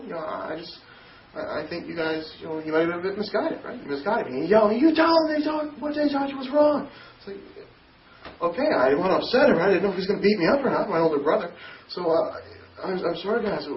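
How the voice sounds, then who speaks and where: A young man from Newfoundland, Canada, telling a personal story in a halting way, often repeating and restarting words. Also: a little high. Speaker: interviewee telling his conversion story. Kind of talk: personal testimony. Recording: distant echoey dull recording, faint noise.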